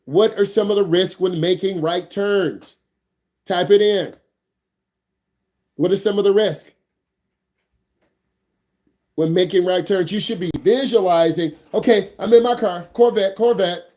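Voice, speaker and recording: Hyped high-voiced male driving instructor. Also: a little slow, long pauses, mellow. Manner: hyped, slangy, jokey, repeats questions. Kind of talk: energetic online class teaching.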